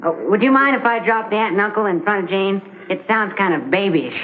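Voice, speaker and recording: An actor playing a flustered young husband who hesitates with nervous "uh"s. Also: male voice, high voice, a little fast, close to an everyday voice. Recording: tinny old TV sound, roomy set.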